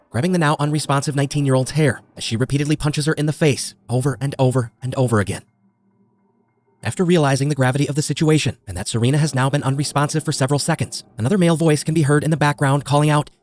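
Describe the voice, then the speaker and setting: A man's voice: a little high, fairly even intonation, fast, darkish tone. A man reading scripted true crime narration as a podcast narrator, grave and detailed.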